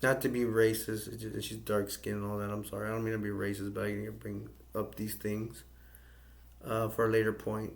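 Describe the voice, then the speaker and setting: A man from the United States casually recapping a film's plot in a flat, rambling way. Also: fairly low pitch, a little fast, vocal fry. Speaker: movie reviewer.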